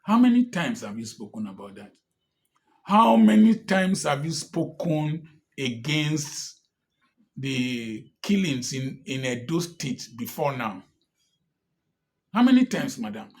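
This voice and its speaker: A man's voice: fairly high pitch, sing-song, takes it slowly, gravelly, long pauses, darkish tone. Man firing pointed questions. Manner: repeated pointed rhetorical questions. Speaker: commentator. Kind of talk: impassioned political commentary.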